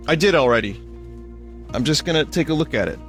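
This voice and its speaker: A man's voice: fairly high pitch, lively intonation, brisk, soft background music. A man, chatting casually on a stream, rambling, correcting himself and swearing offhand.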